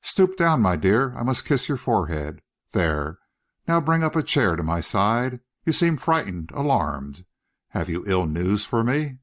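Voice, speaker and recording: A man's voice: lowish voice, big pitch swings, unhurried, a bit bright. A man voicing an elderly uncle who speaks in a purring, falsely tender way that hides menace.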